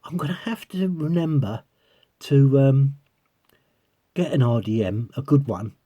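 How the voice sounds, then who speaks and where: In an unhurried, mellow, medium-pitched voice, a man chats to viewers of his coin-collecting vlog. He rambles while peering through a magnifier and can't stop giggling.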